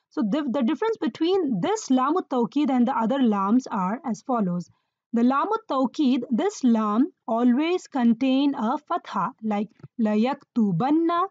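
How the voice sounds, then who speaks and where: A woman teaching Quranic Arabic grammar in a measured, explanatory way, often checking in with the listener. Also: a little high, a little mellow, dry recording, highs cut off.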